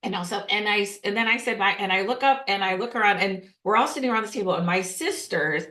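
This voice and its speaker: A middle-aged woman hosts a podcast in a fast, sharp, medium-pitched voice. She chats casually in interview style, telling stories with lots of restarts and fillers.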